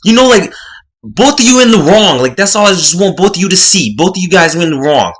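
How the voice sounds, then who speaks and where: A man voicing an exasperated young man loudly telling his roommates to be quiet. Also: very animated, fast. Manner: loud, pitched-up yelling.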